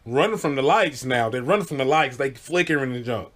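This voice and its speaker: A man's voice: mid-range voice, lively intonation, fairly quick, a bit bright. A man telling stories casually into the camera, laid-back and profane, often checking in with his listeners. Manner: laid-back, profane, keeps saying "you know what I'm saying". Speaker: vlogger. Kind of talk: casual storytelling.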